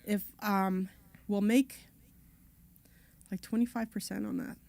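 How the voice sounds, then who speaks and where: A woman's voice: mid-range voice, steady tone, takes it slowly, creaky, darkish tone, dry recording. A woman co-hosting a radio talk show, telling long, chatty stories about her property deals. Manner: chatty, long-winded storytelling. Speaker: co-host.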